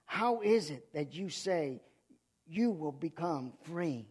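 A man preaching a sermon with passion, repeating phrases and swinging between loud outbursts and hushed lines. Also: on the high side, expressive, takes it slowly, husky.

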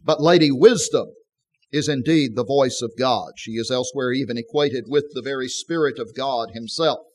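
A man's voice: mid-range voice, normal speed. Man preaching a sermon on scripture. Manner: expository preaching, reading scripture aloud with emphasis.

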